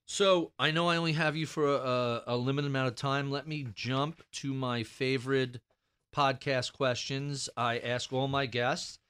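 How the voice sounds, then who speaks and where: Smooth-voiced male podcast host. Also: medium pitch, steady tone, fairly bright tone. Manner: attentive, measured questioner. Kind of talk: interview questions.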